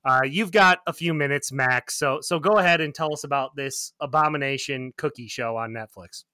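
A man's voice: medium pitch, moderate pace, bright, forceful tone, dry recording. A man hosting a film podcast, teasing his guests in casual joking chat. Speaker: podcast host.

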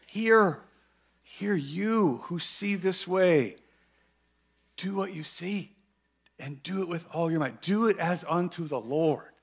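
A man preaching a sermon in a church, animated and playful, with emphatic, sudden loud bursts. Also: sits high, slow pace, creaky, slightly rough. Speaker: guest preacher.

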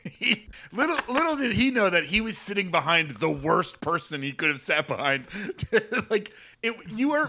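A man co-hosting a podcast in casual chat, animated and teasing, laughing often. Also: fairly high pitch. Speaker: podcast co-host.

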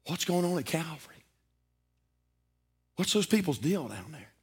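A man preaching a sermon, telling stories with dramatic swings from shouting to whispering. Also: fairly high pitch, big pitch swings, moderate pace, husky. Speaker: pastor.

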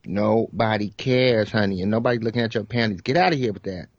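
A man's voice: on the low side, fast talker, no echo, close to an everyday voice. A man voicing a stern, churchgoing old grandmother who scolds and calls people honey, heard over dull, lo-fi remote call audio. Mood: scolding.

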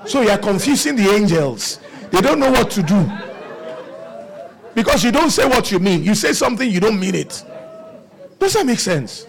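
A man's voice: high voice, sing-song, normal speed, gravelly, pauses often, a faint crowd. A man preaching a sermon, asking the congregation rhetorical questions.

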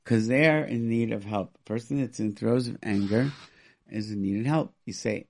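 Gravelly-voiced male radio advice host. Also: fairly low pitch, moderate pace, darkish tone. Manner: emphatic, acts out quoted parents. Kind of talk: call-in radio advice talk.

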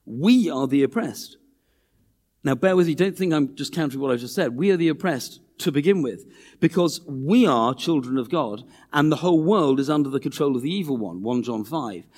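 A man preaching a sermon in a church, earnest and animated, repeating phrases and acting out quoted voices. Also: a little high.

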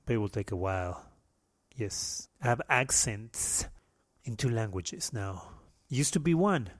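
A man's voice: lowish voice, lively intonation, measured pace, no room sound, studio quality. A man from Peru with a Peruvian Spanish accent, whose first language is Spanish, hosting a casual solo podcast monologue in a playful, self-mocking, rambling way. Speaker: podcast host.

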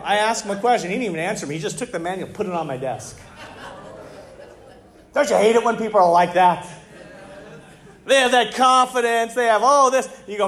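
A middle-aged man preaching a sermon as pastor, conversational and animated, full of rhetorical questions to the congregation. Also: high-pitched, a little fast, long pauses.

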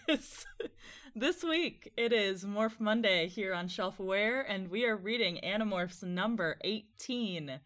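A woman's voice: medium pitch, measured pace, few pauses, fairly bright tone. A woman co-hosting a podcast in casual chat, self-mocking and laughing mid-sentence. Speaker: podcast co-host.

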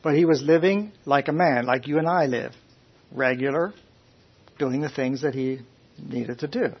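A man preaching a conversational sermon to a Bible class, questioning his listeners in a folksy, animated way. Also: medium pitch, normal speed, husky. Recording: dull lo-fi recording.

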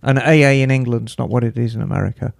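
A man's voice: mid-range voice, fast, creaky, no room sound, clean studio sound. A man co-hosting a podcast who talks enthusiastically and rambles through long lists. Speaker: podcast co-host. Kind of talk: casual chat.

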